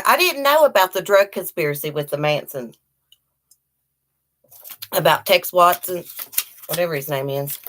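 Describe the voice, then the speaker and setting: Lady from virginia, low voice, rambling live chat, greets everyone by name. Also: a little hiss or hum. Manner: chatty, greets viewers by name, warm and rambling. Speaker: livestream host. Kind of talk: casual live-chat morning talk.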